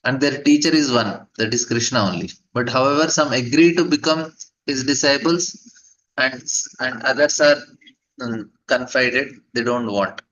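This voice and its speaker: A man teaching a scripture class and retelling a story, with halting speech, fillers and restarts. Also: medium pitch, fairly bright tone. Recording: dull lo-fi recording.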